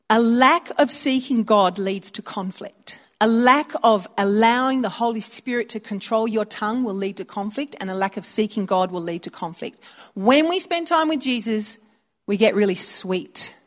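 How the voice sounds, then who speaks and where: A woman preaching a conversational sermon, telling stories and acting out little voices. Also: medium pitch. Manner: chatty, storytelling, acts out voices.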